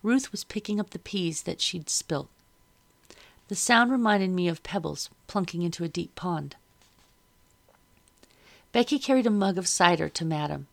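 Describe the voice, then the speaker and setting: Gravelly-voiced woman narrating an audiobook. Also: fairly low pitch, lively intonation, moderate pace, long pauses. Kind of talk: first-person audiobook narration.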